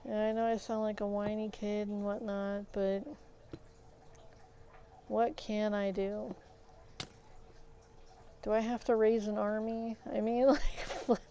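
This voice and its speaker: A woman's voice: mid-range voice, dark tone, lo-fi sound. A woman streaming a game, chatting casually and ranting in frustration while she plays. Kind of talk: casual gaming livestream chat.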